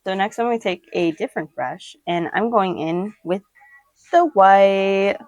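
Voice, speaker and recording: A woman's voice: medium pitch, unhurried, a little mellow, no room sound, lo-fi sound. A young woman chatting casually through a makeup tutorial at home, rambling, giggling and swearing offhandedly while talking to the camera. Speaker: makeup vlogger.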